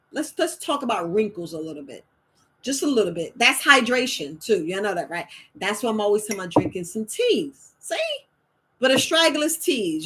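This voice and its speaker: Chatty, animated woman herbalist. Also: a little high. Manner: animated, chatty, repeats herself, laughs often. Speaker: herbalist host. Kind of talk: casual live-stream talk.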